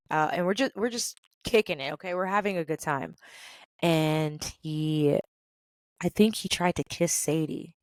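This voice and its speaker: A woman in her thirties hosting a podcast, telling a work story in a lively way and acting out the people in it. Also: lowish voice, smooth, dry recording. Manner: animated, acts out quoted people. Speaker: podcast host. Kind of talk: storytelling rant.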